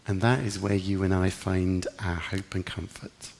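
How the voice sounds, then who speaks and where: A man's voice: low voice, steady tone, a little slow, creaky, few pauses, darkish tone, in a large hall. A man preaching a sermon in an earnest, reflective way, lifting his voice for emphasis. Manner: earnest, reflective, rising with emphasis in quoted prayers.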